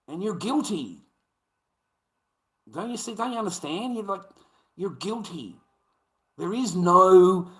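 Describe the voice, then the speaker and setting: A man's voice: on the high side, pushed and bright. A man on a live stream, ranting in a sweary, emphatic, repetitive way and calling listeners mate.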